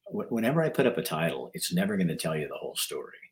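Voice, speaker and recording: An older man hosting a casual live stream, losing his voice, rambling in a folksy way and often clearing his throat. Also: low-pitched, big pitch swings, racing. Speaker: livestream host.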